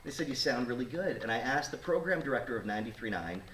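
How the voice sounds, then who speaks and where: A man's voice: mid-range voice, quick pace. A man, a radio talk show host in his thirties, telling a story casually and acting out the voices of the people in it. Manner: animated, acts out quoted voices. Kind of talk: casual storytelling to a studio audience. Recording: roomy sound, mic at a distance, faint noise.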